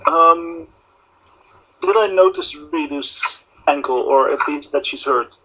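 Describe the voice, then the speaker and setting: A man's voice: fairly high pitch, slow pace, bright, forceful tone, husky, poor audio. A man playing a tabletop game, chatting casually and asking hesitant questions. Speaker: player.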